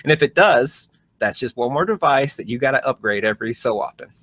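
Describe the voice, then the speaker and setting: A man's voice: medium pitch, expressive, a little fast, fairly bright tone, no room sound. Rambling, opinionated podcast co-host man. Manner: rambling, many "you know" fillers, opinionated. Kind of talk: casual podcast chat.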